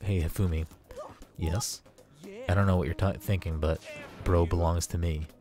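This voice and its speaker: Man doing a rough, threatening young delinquent, deep voice, light game music under. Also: fairly even intonation, moderate pace, natural voice. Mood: aggressive. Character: brash young male delinquent, loud and hot-tempered. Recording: faint game music behind.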